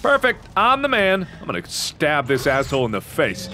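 A young man in his twenties doing loud, excitable gaming commentary, swearing and yelling at enemies. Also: on the high side, normal speed, few pauses, music in the background. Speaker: let's play host.

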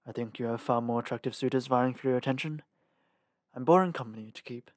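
A man's voice: medium pitch, fast, no room sound, lightly acted. A man reading the lines of a reserved young male guard captain with a dry manner.

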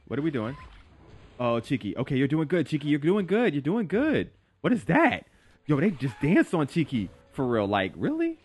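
A young man giving excitable, slangy commentary while he plays a game, yelping and talking to his creature. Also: medium pitch. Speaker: gaming YouTuber. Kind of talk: live gameplay commentary. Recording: faint game music behind.

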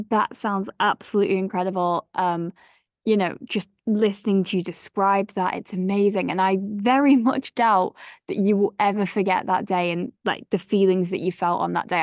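A woman's voice: medium pitch, steady tone, normal speed, no room sound, clean studio sound. A woman hosting a podcast interview. She is effusive and encouraging toward her guest. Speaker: podcast host. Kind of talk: casual interview.

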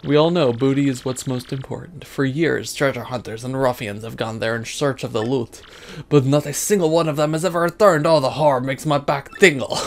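A man's voice: medium pitch, a little fast, creaky, a little hiss or hum, lightly acted. A man voicing a pompous, vain rich male trader with an exaggerated fake French accent, theatrical and grandiose. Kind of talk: let's play voicing game characters.

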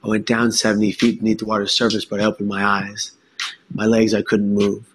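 A man giving an earnest, emphatic personal testimony talk, with dramatic pauses. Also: fairly low pitch, completely flat delivery, soft background music. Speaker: speaker sharing his story.

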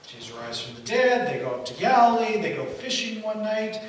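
A man preaching a sermon as pastor, telling the story in an animated way and acting out the quotes. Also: sits high, brisk. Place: church hall. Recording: echoey hall from far off, faint hiss.

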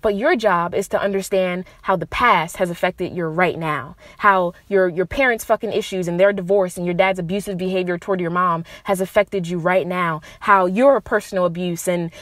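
A woman's voice: lowish voice, no room sound, studio quality. A young adult woman hosting a podcast, giving relationship advice in a casual monologue, blunt and profane, with emphatic rises on her key points. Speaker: podcast host.

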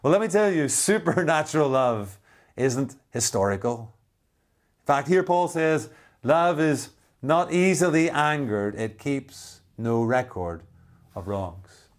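A man, preaching a sermon as a pastor, who slows down for emphasis and drops to a soft voice at key lines. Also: mid-range voice, expressive.

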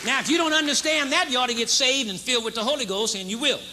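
A man in his fifties preaching a sermon to a live congregation, emphatic and repetitive, moving between loud proclamation and low intense talk. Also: fast talker, a crowd in the background, noisy background. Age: 50s. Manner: emphatic, repeats key phrases for effect. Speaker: pastor. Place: large church service with congregation responding.

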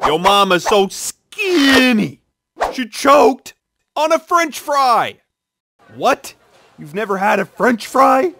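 A man narrating and playing the lead in an animated joke cartoon, animated and exclaiming. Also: extremely high pitch, slow, creaky, a little hiss or hum. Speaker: cartoon narrator and main character.

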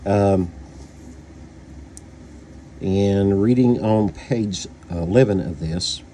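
A man's voice: lowish voice, drawn-out words, mellow, a little hiss or hum. A man from Kentucky with a Kentucky accent, casually reviewing a book, rambling with many fillers and restarts.

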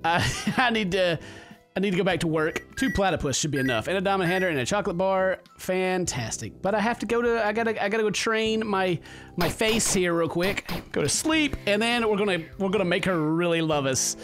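A man's voice: high-pitched, brisk, over music. A man doing let's-play commentary, rambling, laughing often and hamming up mock-romantic lines to a game character. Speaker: gaming YouTuber.

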